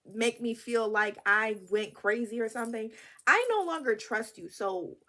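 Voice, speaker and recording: A young woman in her twenties telling a casual storytime vlog to the camera. She talks in an animated, expressive and wry way, with a voice sitting a little high. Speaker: vlogger.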